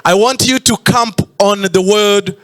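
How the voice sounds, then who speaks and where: A man's voice: sits high, a little slow, fairly bright tone. A man preaching a sermon in church, stretching out emphatic phrases and sometimes breaking into a sung tone. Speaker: pastor.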